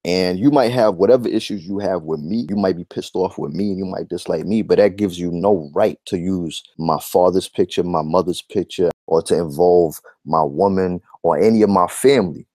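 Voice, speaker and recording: A man's voice: deep voice, moderate pace, hardly any pauses, warm tone, no echo, clean studio sound. A man giving a heated vlog rant, emphatic and repetitive, with blunt profanity. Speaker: YouTube commentator.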